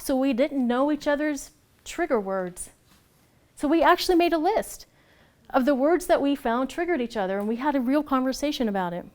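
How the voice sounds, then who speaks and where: A woman giving a personal storytelling talk, animated and laughing easily as she acts out the voices she quotes. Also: high voice. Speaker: speaker at a storytelling event.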